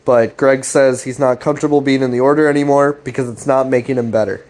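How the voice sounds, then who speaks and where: A man's voice: mid-range voice, fairly even intonation, fast talker, a little mellow. Rambling young man recapping casually. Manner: rambling, swearing, many restarts. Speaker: host.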